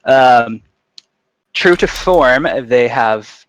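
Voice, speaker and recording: A man's voice: fairly low pitch, normal speed, a bit bright, no echo. A man running a live-streamed tabletop game, recapping the last session in a casual, joking way with frequent restarts. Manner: casual, joking, self-interrupting. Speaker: dungeon master.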